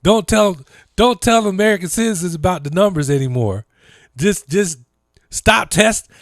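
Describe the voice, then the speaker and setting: A man's voice: sits high, expressive, moderate pace, no echo, studio quality, voice pushed up. A man mocking a dismissive male politician who brushes off danger in a breezy, slangy way. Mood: brushing off.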